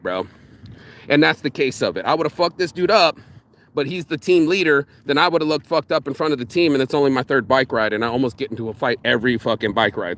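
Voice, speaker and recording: A man ranting casually to camera, profane and animated, swinging between loud mocking quotes and low, intense asides. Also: quick pace, a little hiss or hum. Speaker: vlogger.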